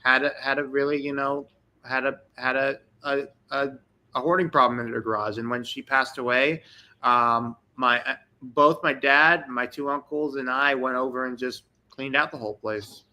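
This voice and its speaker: A man's voice: medium pitch, steady tone, normal speed, bright, forceful tone. A man talking enthusiastically and at length as a guest on a livestream video call. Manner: enthusiastic, rambling. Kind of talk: casual livestream chat.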